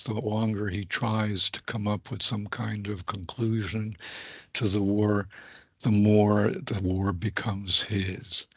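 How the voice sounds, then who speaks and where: An older man, a political science professor, giving a deliberate, carefully hedged spoken analysis in long qualified phrases. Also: fairly low pitch, vocal fry, fairly bright tone, husky, no room sound. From United States.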